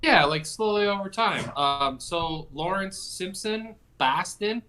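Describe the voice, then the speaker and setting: A man's voice: sits high, animated, slow, bright, forceful tone, a little hiss or hum. A man co-hosting a casual podcast, rambling through stories, swearing freely and joking around. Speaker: podcast co-host. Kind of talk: casual chat.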